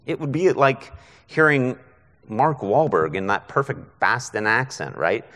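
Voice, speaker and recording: A man's voice: medium pitch, lively intonation, measured pace, a bit bright, in a large hall. A man preaching a conversational expository sermon as a guest preacher, often checking in with listeners by asking "right?". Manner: conversational, frequent rhetorical "right?".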